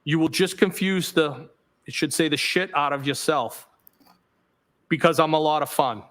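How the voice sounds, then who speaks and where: A man on the witness stand in a courtroom, reading messages aloud in a steady, measured delivery. His voice sits a little higher than most men's, and he reads each punctuation mark aloud as he goes.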